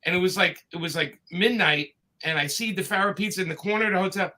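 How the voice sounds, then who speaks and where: A man with a Brooklyn accent, a guest chatting casually on a live video call and telling opinionated stories with quick asides. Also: high-pitched, sharp tone. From Brooklyn, New York. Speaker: guest comics creator.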